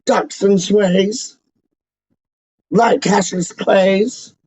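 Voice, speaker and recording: A man hosting a livestream as a self-styled, snobbish Englishman, rambling slowly in pompous rhyming nonsense. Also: high-pitched, a little mellow. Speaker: livestream host. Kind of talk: comic in-character livestream ramble. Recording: dull, lo-fi, dry sound.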